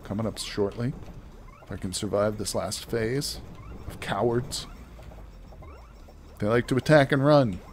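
A man's voice: fairly low pitch, measured pace, long pauses, slight background noise. Chatty man commenting on gameplay. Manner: chatty, joking asides to viewers. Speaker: let's play host.

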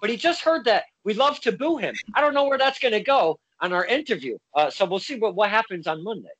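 A man hosts a casual interview in a high, bright-ish voice, talking fast with lively intonation. He's polite but hesitant, often stumbling and restarting his sentences. The lo-fi recording has no room sound.

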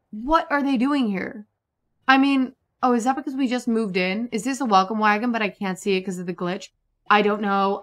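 A woman giving casual, chatty commentary over a life-simulation game, excitable and prone to repeating herself. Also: on the high side. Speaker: gaming YouTuber. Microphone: desktop USB microphone.

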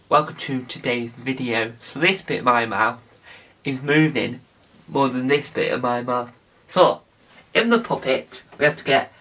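A man's voice: medium pitch, a bit bright, distant mic. A man hosting a casual tutorial vlog, rambling and restarting with many fillers. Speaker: video host.

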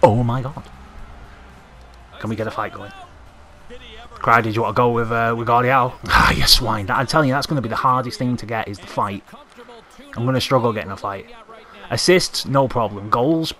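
A young man commentating live on his own gameplay, excitable, swearing and yelling at the game. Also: mid-range voice, normal speed, pauses often. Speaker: gaming commentator.

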